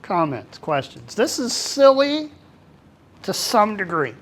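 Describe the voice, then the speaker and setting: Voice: mid-range voice, very animated, slow. A workplace trainer giving a casual, talkative presentation to a small group. The delivery is colloquial, and the trainer acts out bits of dialogue.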